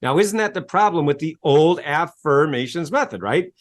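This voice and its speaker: A man who works as a self-help coach, telling stories as a guest in an interview with a salesy, animated manner, acting out quotes and spelling words letter by letter. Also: a little high, moderate pace. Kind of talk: enthusiastic storytelling interview talk.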